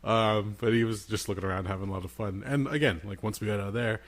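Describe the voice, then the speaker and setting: A man co-hosting a casual podcast, telling lively family stories and imitating his young son in a high voice. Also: quick pace. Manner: animated storyteller, acts out his toddler son in a high voice. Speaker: podcast co-host. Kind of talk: casual chat, storytelling.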